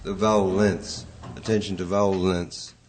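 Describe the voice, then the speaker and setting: A man's voice: sits low, level tone, normal speed, slight background noise. A man lecturing a poetry class, rambling and hesitant, chanting rhythms aloud to show them. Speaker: poetry teacher.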